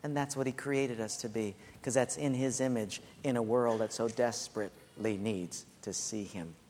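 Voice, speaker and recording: A man preaching a sermon as pastor, earnest and repetitive, dropping soft and low on his key points. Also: steady tone, normal speed, a little hiss or hum. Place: church sanctuary. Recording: echoey hall.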